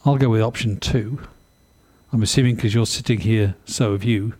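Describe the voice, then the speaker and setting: A man preaching a sermon in a conversational, animated way, often asking his listeners questions. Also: fairly low pitch, moderate pace, slightly rough.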